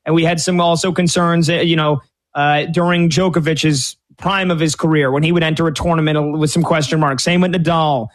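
A man's voice: on the high side, fairly even intonation, fairly quick. Opinionated man giving tennis betting picks. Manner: opinionated, rambling, many restarts. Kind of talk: sports betting commentary.

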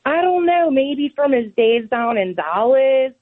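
Brief: woman caller, Pittsburgh accent, slow and giggly, thin phone-line sound. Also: high-pitched, expressive. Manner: giggly, upbeat, unhurried. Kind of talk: casual phone-in chat.

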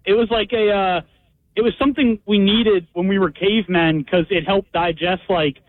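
A man calling in as a guest, telling his story haltingly with lots of fillers. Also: high-pitched, steady tone, no echo. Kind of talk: casual chat. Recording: tinny phone line.

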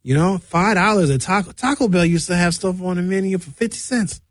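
A man's voice: fairly quick, dry recording. Male radio host with a raised voice, loose comic storyteller, dry close mic. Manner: loose, joking storyteller with big pitch swings. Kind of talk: comedic radio monologue.

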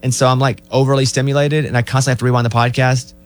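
A man's voice: mid-range voice, rapid-fire, faint music behind. A man co-hosting a podcast, telling stories in casual chat. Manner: storytelling, animated retelling. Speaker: podcast co-host.

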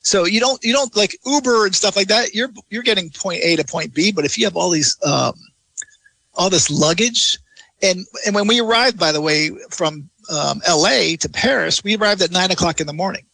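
A man with a high, bright voice and a gravelly edge, chatting in a rambling, eager way with many restarts. He sounds close and dry, as if recorded in a small, dead room. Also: normal speed, dry recording. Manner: rambling, enthusiastic, frequent restarts. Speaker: travel blogger guest. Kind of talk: casual interview chat.

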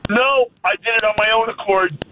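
A man calling in to a late-night radio show, speaking in halting, hesitant phrases. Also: high voice. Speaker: caller. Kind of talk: phone-in chat. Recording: tinny phone line with faint noise.

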